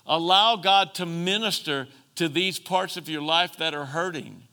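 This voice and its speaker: A man preaching a sermon as pastor, calling for amens and moving between emphatic and soft, earnest passages. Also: on the high side, unhurried, clean tone. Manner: preachy call-and-response, rising to emphatic then softening.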